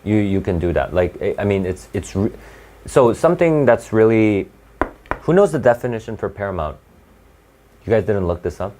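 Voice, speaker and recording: A man teaching an SAT class live, talking in a halting, conversational way with frequent restarts and fillers. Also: on the low side, sing-song, warm tone, a little hiss or hum. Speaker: SAT tutor.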